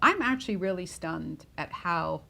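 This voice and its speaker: A woman in her forties speaks on a discussion panel, her voice low and gravelly with a rough fry. She talks candidly and reflectively, pausing on fillers and restarting her sentences as she works through her point. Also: expressive, sharp tone. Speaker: panelist, newsroom leader.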